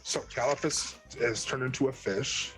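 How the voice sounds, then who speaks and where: A man playing a tabletop game, talking quickly and excitably and laughing often. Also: mid-range voice, faint music behind, poor audio. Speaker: player.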